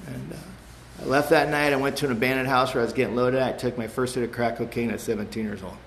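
A man's voice: medium pitch, fairly even intonation, a bit bright. A man giving a personal testimony about his recovery to a live audience, talking frankly and emphatically, often tagging his lines with "man" and "you know.". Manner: emphatic, with quick repeats and restarts. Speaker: speaker sharing his recovery story. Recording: echoey room.

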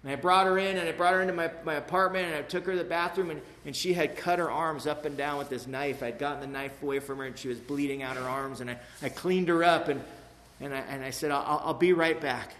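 Speaking fast with fairly even intonation, a man in his forties addresses a live recovery meeting in a high, fairly bright voice. He rambles emotionally through his story, repeatedly checking "you know what I mean," while the echoey hall carries faint room noise.

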